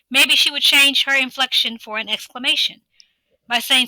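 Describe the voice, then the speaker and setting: Bright-voiced woman teacher explaining a slide. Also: high-pitched, normal speed, dry recording, low-quality recording. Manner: reads questions in a steady teacherly rhythm. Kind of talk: recorded slide lesson.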